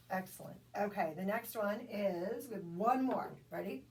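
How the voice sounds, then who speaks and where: A woman's voice: medium pitch, moderate pace, hardly any pauses, a little mellow. Patient woman tutor sounding out letters. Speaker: reading tutor. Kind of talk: one-on-one phonics drill. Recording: distant mic with faint background noise.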